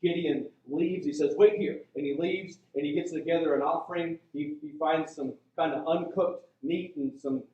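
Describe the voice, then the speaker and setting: A man's voice: on the high side, fairly even intonation, normal speed, hardly any pauses, mellow, lo-fi sound. A male pastor preaching a sermon in a church sanctuary. He talks in a chatty, conversational way with lots of asides. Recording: very echoey church sound from a distant mic.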